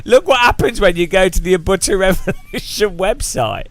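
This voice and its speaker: A man's voice: high-pitched, expressive, moderate pace, faint music behind. A man chatting casually and jokily on a live game stream, laughing often. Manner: giggly, joking, laughs often. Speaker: gaming streamer.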